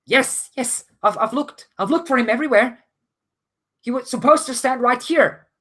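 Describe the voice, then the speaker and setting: A man's voice: takes it slowly, full character voice. A man putting on a panicked young deckhand woman. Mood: frightened. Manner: panicked shouting, high and strained. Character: frightened young female deckhand.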